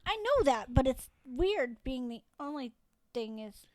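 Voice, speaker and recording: A woman's voice: high voice, sing-song, measured pace, a little mellow, dry recording, low-quality recording. A woman co-hosting a casual podcast, stuffy from allergies, laughing often and swearing freely. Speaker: podcast co-host. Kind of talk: casual chat.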